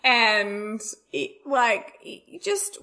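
A woman's voice: on the high side, animated, very slow, pushed and bright. A woman co-hosting a casual film-review podcast, exasperated and emphatic, laughing often as she talks. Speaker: podcast co-host.

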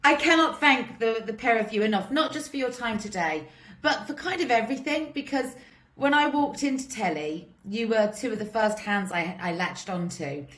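A woman hosting an interview, thanking her guests warmly and chatting. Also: fairly high pitch, expressive, moderate pace, roomy sound. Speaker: host. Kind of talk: interview chat.

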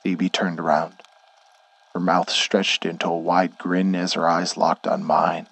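A man narrating a horror story in a measured, deliberate way. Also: low voice, level tone, vocal fry, fairly bright tone, breathy edge.

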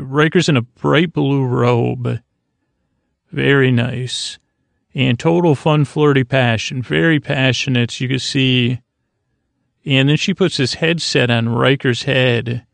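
Male podcast host, gravelly and monotone, meandering sleepy recap, dry close mic. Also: medium pitch, no room sound. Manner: meandering, filler-heavy, halting. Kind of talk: drowsy, rambling episode recap.

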